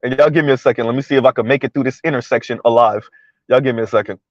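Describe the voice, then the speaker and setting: A man's voice: medium pitch, fairly even intonation, racing, no echo, dull audio. A man giving casual commentary to his viewers while driving through floodwater, chatty, repeating himself and laughing often. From South Florida. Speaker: commentary vlogger.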